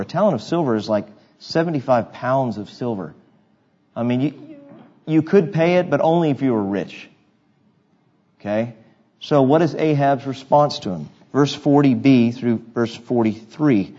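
A man's voice: mid-range voice, lively intonation, normal speed, mellow, muffled recording. A male pastor preaching an expository sermon, reading scripture and asking his congregation rhetorical questions in a conversational way.

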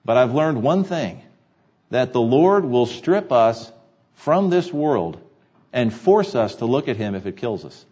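Male pastor, mid pitch, mellow tone, earnest sermon delivery, dull recording. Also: sing-song, measured pace, slightly rough. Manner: earnest preaching, repeats key phrases for emphasis. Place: church sanctuary.

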